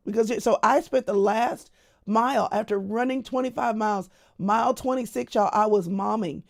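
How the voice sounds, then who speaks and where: A woman's voice: mid-range voice, moderate pace, gravelly. A middle-aged woman speaking as a Christian speaker, chatting casually to camera and telling stories straight to her audience. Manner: chatty storytelling that talks straight to the audience as "y'all". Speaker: Christian speaker sharing a personal update.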